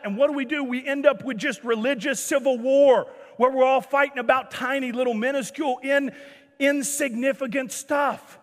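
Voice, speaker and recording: High-voiced animated male pastor in a hall. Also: moderate pace. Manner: animated, jokey, acts out scripture scenes. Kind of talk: sermon. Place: church sanctuary.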